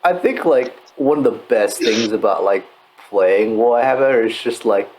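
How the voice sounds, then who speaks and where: A man's voice: mid-range voice, unhurried, darkish tone, a little hiss or hum, rough recording. A man with a mid-range voice chatting casually about his hobby. He stumbles through many restarts and fillers and laughs easily along the way. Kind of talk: casual chat.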